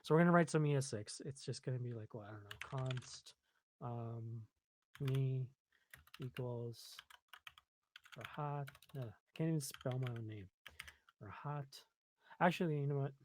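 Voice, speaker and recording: Host, male, mid-pitched, chatty coding walkthrough at a desk, keyboard clicks and faint noise behind. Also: unhurried, long pauses. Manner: relaxed, chatty, thinks aloud with many ums, self-deprecating. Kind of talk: casual screen-recorded coding walkthrough.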